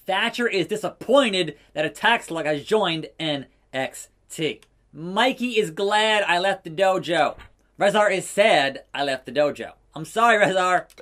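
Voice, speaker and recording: A man giving casual, excitable commentary over a wrestling video game, swinging between loud outbursts and muttered asides. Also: sits high, unhurried. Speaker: gaming YouTuber.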